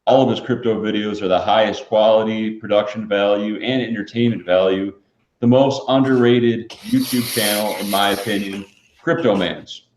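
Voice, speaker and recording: A man hosting a live stream, chatting casually and playing along deadpan with the jokes. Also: lowish voice, normal speed. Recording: echoey, dull lo-fi stream audio.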